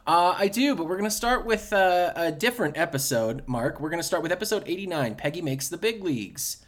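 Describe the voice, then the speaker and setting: A man's voice: on the high side, expressive, brisk. A man co-hosting a casual podcast, joking around and tripping over his words in restarts. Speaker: podcast co-host. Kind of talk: casual chat.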